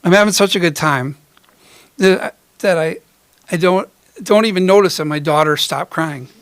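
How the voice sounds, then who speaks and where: A man's voice: high-pitched, normal speed, fairly bright tone, clean tone, no echo. A middle-aged man and ukulele performer telling rambling, self-mocking stories between songs on a coffee house stage. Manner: chatty, rambling, self-mocking, many fillers. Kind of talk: storytelling stage banter.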